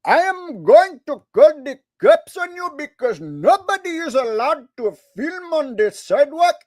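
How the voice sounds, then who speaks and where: A man putting on an Indian accent, playing a loud, bossy man who loves the police and keeps saying "my friend". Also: no echo, studio quality. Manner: shrill, ranting, repeats "my friend".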